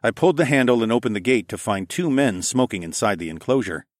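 A man narrating a first-person story in a relaxed, expressive audiobook reading. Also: medium pitch, fast, no room sound, clean studio sound.

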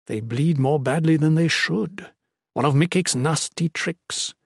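A man's voice: a little high, measured pace, creaky, breathy edge, no room sound, exaggerated voice. A wounded, stubborn young lord, voiced by a man, his voice weak and strained from his injuries. The read sounds close and dry, with no room around it.

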